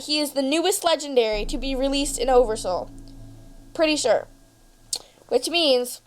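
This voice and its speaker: A young woman hosting her gaming channel, chatting through a card game in a bubbly, rambling, jokey way. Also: high voice. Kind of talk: casual game commentary.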